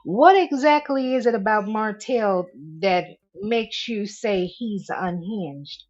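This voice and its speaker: A woman's voice: medium pitch, animated, slow, a little mellow. A woman hosting a live stream discussion and pressing a guest with pointed, probing questions. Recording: dull lo-fi audio.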